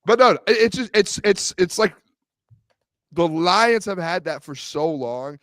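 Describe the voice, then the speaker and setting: A man co-hosting a sports talk show, ranting in an animated way and repeating himself. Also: high-pitched, unhurried, no room sound. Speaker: co-host.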